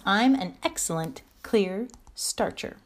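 In a storybook reading, a woman gives voice to a stout, anxious hedgehog washerwoman who is polite, fussy, and chatty. Her medium-pitched delivery is slow and animated, bobbing and deferential as she chatters about the washing.

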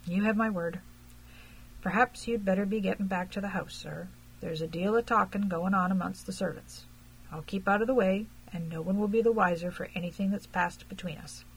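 A woman's voice: medium pitch, steady tone, a little fast, slightly rough, poor audio. Woman voicing a deferential village constable. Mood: reassuring. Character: deferential rural male constable.

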